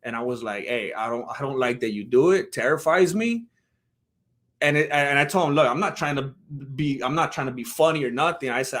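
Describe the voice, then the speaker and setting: A man's voice: mid-range voice, a little fast, a bit bright. A man, chatting casually with his live-stream audience in a heartfelt, rambling way. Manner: heartfelt, rambling, talks straight to chat.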